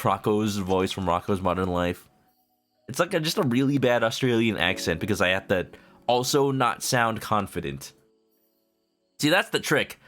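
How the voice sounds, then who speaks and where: A man with a mid-range, fairly bright voice streams a video game, giving casual live commentary. He rambles, cracks jokes, and keeps interrupting himself.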